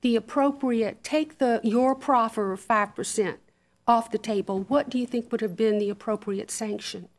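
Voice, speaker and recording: A woman's voice: on the high side, normal speed. A woman serving as an appellate judge, questioning an attorney with pointed, probing questions. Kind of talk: questioning counsel in court.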